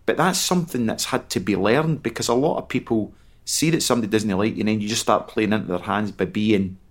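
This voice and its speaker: A man with a Scottish accent, calmly explaining his ideas in a chat. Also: on the low side, a little fast. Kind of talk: casual chat.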